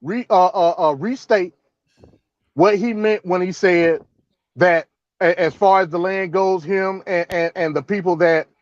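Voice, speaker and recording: A panelist man stepping in to calm things down, halting, with many fillers as he restates a point. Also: high-pitched, dry recording, lo-fi sound. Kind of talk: panel moderation.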